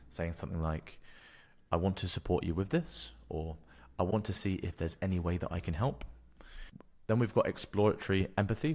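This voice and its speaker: A man, a doctor narrating a scripted exam-preparation tutorial in a calm, measured, explanatory way. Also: sits low.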